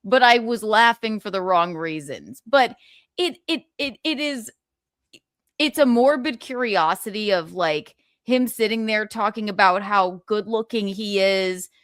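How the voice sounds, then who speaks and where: A woman's voice: mid-range voice, a little slow, dry recording, studio quality. A woman in a casual gossip chat, telling stories with laughter and acting out quoted lines. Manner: laughing, animated storytelling with mimicked quotes. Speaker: stream guest.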